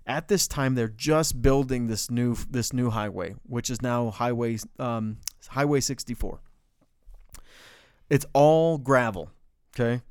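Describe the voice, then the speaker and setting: Man, middle-aged, from New Mexico, animated storyteller, swears, dead-dry recording. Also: unhurried, clean tone, no echo. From Bloomfield, New Mexico. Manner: animated storyteller, swears, gets loud and high when excited. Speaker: podcast co-host. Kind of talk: casual storytelling chat.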